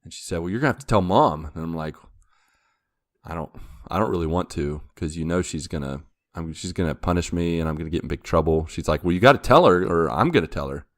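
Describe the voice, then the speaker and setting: A man's voice: deep voice, animated, fast, dry recording, clean studio sound. A young man hosting a podcast, telling a long story in casual chat, acting out quotes and laughing along the way. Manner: rambling anecdote with laughs and acted quotes. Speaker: podcast host.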